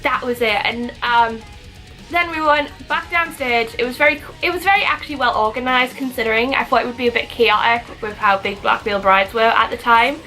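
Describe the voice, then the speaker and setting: A woman's voice: fairly high pitch, brisk, bright, forceful tone, faint music behind, poor audio. A young woman telling a rambling, giggly story in a casual vlog, full of "like". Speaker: vlogger.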